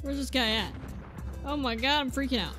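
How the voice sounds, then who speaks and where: A woman giving excitable gameplay commentary, exclaiming and talking at enemies as she plays. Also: high voice, brisk. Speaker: gaming video creator. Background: game gunfire and music.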